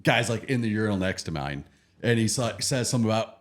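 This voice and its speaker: A man's voice: on the low side, expressive, racing. A man in his thirties, co-hosting a podcast, telling a rambling story with jokes and plenty of swearing. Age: 30s. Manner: rambling, joking, swears freely. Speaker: podcast co-host. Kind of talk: casual chat, storytelling.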